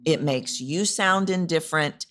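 A woman's voice: deep voice, a little slow, fairly bright tone. A woman hosting a solo podcast, teaching about voice and delivery in an emphatic, repetitive way. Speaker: podcast host, voice coach.

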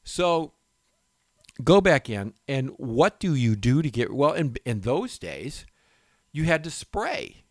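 Speaking slowly at a medium pitch, this home and garden radio host wanders through a personal anecdote, frequently cutting himself off partway through a thought. His delivery is lively and meandering. The sound is clean studio audio with no room sound.

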